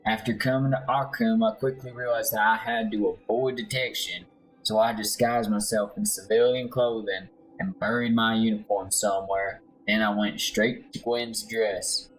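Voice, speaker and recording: A man's voice: fairly low pitch, fairly even intonation, normal speed, faint music behind, natural voice, rough recording. A man playing a heartbroken young deserter. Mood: mournful. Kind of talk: let's play voice acting.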